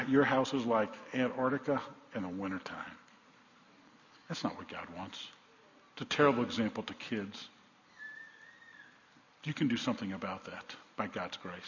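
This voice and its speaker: This is an older male pastor preaching in a church sanctuary, heard with a long hall reverb and a slightly dull, muffled sound. His pitch sits at a middle level. He talks bluntly and folksily, jumping between loud calls to the congregation and hushed asides. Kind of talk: sermon.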